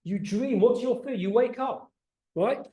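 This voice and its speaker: A middle-aged man, a rabbi, teaching a Torah class to a group, animated and questioning, often repeating words as he speeds up. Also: extremely high pitch, unhurried. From England. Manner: animated, asks the audience questions, repeats words when excited. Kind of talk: lively teaching talk to a group. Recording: roomy echo.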